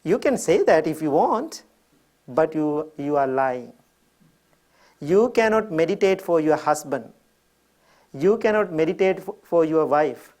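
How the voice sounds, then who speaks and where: Gentle Sri Lankan monk telling stories. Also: male voice, a little high, expressive, a little slow, pauses often. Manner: gentle storytelling, chuckles often. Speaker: Buddhist monk teacher. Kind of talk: dharma talk with personal story.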